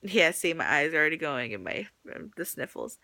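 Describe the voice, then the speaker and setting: A woman's voice: low voice, sing-song, brisk, vocal fry, bright, forceful tone, no echo. A young woman vlogging to her phone camera in a casual, chatty way, full of likes and ums, a little teary. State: pregnant, teary.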